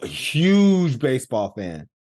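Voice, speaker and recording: A man's voice: medium pitch, huge pitch swings, slow, a little mellow. A man co-hosting a casual movie podcast, joking and chiming in with film trivia. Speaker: podcast co-host. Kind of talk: casual movie review chat.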